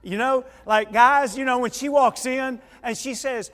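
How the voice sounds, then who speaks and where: Male preacher, high voice, animated storyteller, echoey church hall. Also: a little slow, few pauses. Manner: animated storyteller, acts out quoted voices, drops quiet and earnest later. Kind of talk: sermon with personal stories. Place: church auditorium.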